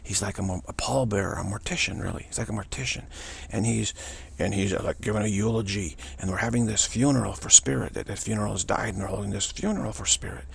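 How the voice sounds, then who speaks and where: A man's voice: lowish voice, quick pace, creaky, breathy edge. A man vlogging in a rambling, repetitive, theatrical way, giving casual spiritual commentary.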